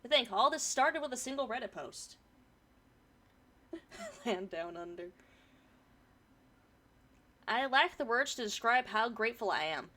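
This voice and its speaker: A woman's voice: fairly high pitch, expressive, normal speed, pauses often, sharp tone, slight background noise. A woman streamer reading a forum story aloud and chatting about it, swearing casually, her throat a bit irritated from pollen.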